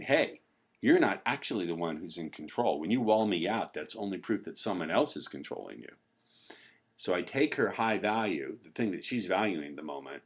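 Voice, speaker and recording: Emphatic man with a lively, low voice. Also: husky. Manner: emphatic, repeats key phrases for effect. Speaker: dating coach. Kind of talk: screen-share tutorial commentary.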